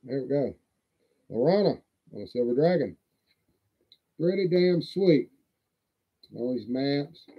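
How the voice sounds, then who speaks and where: A man's voice: mid-range voice, lively intonation, slow, pauses often, husky. A man hosting a livestream, talking in a folksy, profane, rambling way. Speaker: livestream host. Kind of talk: casual livestream show-and-tell. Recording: dull lo-fi stream audio.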